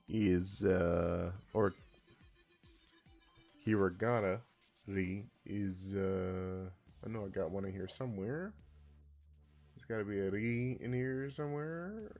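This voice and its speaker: A man streaming a casual language lesson, who swears in loud outbursts and reads chat aloud. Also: fairly low pitch. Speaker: streamer teaching Japanese.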